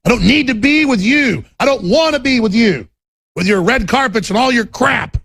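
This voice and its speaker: A man's voice: very high-pitched, expressive, normal speed, creaky, a bit bright, breathy edge, dry recording. A man from Texas hosting a talk show, ranting in a fiery, rambling and repetitive monologue.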